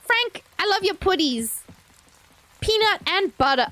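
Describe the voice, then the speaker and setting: A woman VTuber streams a game with casual live commentary, speaking into a desk microphone. Her voice is very high-pitched and unhurried, yet she's excitable, squealing and swearing freely.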